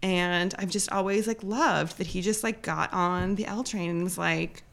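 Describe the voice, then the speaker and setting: A woman's voice: on the low side, steady tone, moderate pace, vocal fry. A woman in her thirties, a guest in a casual interview, chatting in a rambling way with lots of "like". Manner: chatty, rambling, fills speech with "like".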